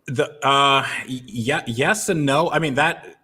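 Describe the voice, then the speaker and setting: A man's voice: medium pitch, slow pace, sharp tone, slightly rough. Rambling man telling a story. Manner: rambling storyteller, many fillers. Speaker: podcast co-host. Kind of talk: casual podcast chat.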